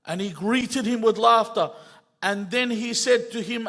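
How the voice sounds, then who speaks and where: A middle-aged man giving a sermon, swinging between loud emphatic rises and quiet asides and quoting Arabic lines before translating them. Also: sits high, slow. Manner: quotes Arabic phrases then translates them. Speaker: sheikh giving a mosque lecture.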